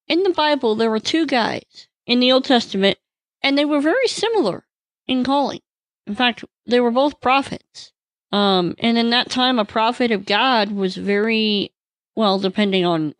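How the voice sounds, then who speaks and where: A woman hosts a solo podcast on a devotional topic, telling it in an animated storytelling way and acting out the people she quotes. Her voice sits on the high side, and there's no echo.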